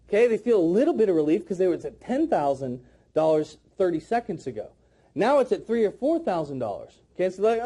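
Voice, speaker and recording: A man giving a sales training lecture, emphatic and blunt, acting out sales pitches as he teaches. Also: sing-song, a little fast, dark tone. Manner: blunt, occasional swearing.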